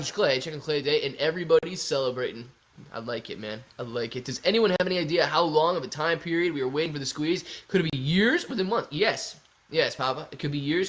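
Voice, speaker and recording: A man's voice: fairly high pitch, a bit bright. A young man hosting a casual livestream, joking around and reading viewer comments aloud. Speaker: livestream host.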